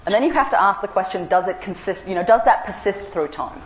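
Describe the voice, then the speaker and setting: A woman's voice: fast talker, hardly any pauses, echoey room, rough recording. A woman giving a talk, telling an anecdote and acting out both sides of a conversation with big jumps in her voice. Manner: animated, acts out both sides of a dialogue with big pitch jumps. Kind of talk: storytelling lecture.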